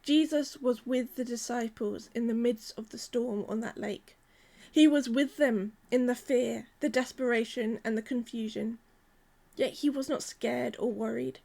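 A woman, preaching a sermon in a gentle, measured, earnest way. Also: fairly high pitch, steady tone, creaky.

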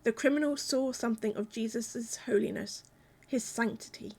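A woman delivering a sermon in a calm, measured, reflective way. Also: a little high, gravelly, breathy edge. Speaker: preacher.

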